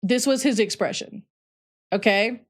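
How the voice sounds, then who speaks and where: A woman's voice: a little high, measured pace. A young adult woman streamer telling a rambling story in a casual, chatty way. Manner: chatty, rambling, heavy "like" fillers. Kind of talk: casual storytelling while playing.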